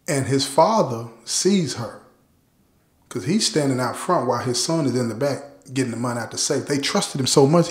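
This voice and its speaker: Male storyteller, casual and direct, mid-pitched, roomy echo. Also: darkish tone. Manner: conversational, addresses listeners directly. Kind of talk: casual true-crime storytelling.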